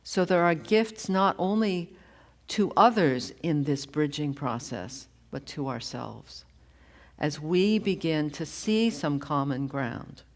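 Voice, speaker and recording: Woman minister preaching real slow and thoughtful, lowish voice. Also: lively intonation. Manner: slow, deliberate, reflective delivery. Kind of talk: sermon. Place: church sanctuary.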